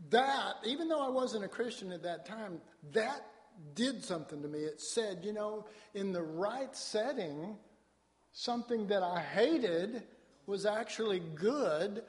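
A man's voice: high-pitched, animated, moderate pace. A man from Dallas, Texas, preaching a sermon in a folksy, storytelling way with colloquial asides. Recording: long hall reverb.

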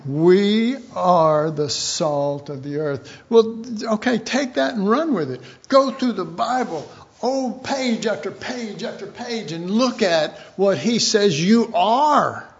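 A man preaching in a folksy, rambling sermon. His voice sits high for a man and he talks slowly and unhurriedly. The recording sounds dull and lo-fi. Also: animated. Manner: rambling, folksy, chuckles often. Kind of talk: informal sermon.

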